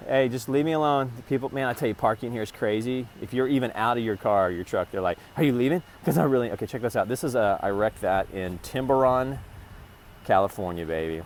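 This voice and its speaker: A man's voice: mid-range voice, fairly quick, slight background noise. A man rambling and swearing in a casual vlog, talking to his phone camera from a parked vehicle. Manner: rambling, profane, talks to camera in bursts. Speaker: vlogger.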